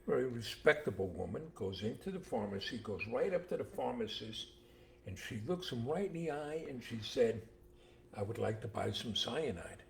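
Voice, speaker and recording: An older man co-hosting a casual chat, telling jokes and stories with animated voices for the characters. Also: medium pitch, normal speed, gravelly, slight background noise. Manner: animated storyteller acting out voices. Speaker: co-host, father.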